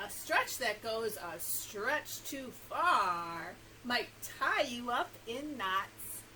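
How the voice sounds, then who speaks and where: A children's librarian with a high, bright voice reads a picture book to small children at an unhurried pace, her pitch swooping animatedly. She coaxes the little ones with questions and laughs often. The recording is rough, with a faint background hiss.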